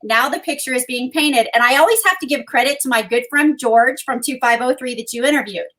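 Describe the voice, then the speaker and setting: Co-host, woman: earnest personal account, a touch high-pitched, lots of ums. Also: fairly quick, a bit bright. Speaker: co-host and guest. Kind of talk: personal storytelling in conversation.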